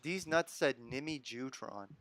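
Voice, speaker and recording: A man from the United States hosts a live stream in a laid-back, chatty way, chuckling while he reads out viewer comments. He talks at a measured pace in a mid-range, fairly bright voice.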